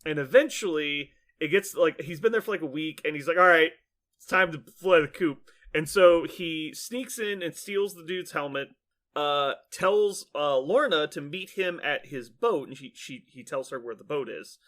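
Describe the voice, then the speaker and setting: A man on a podcast telling a story in a fairly high, lively voice. He talks casually, full of fillers, and keeps acting out characters' lines and laughing. The tone is relaxed and chatty. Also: moderate pace. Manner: animated storyteller, acts out lines, laughs often, many fillers. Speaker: podcast host. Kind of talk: casual chat, recapping a cartoon plot.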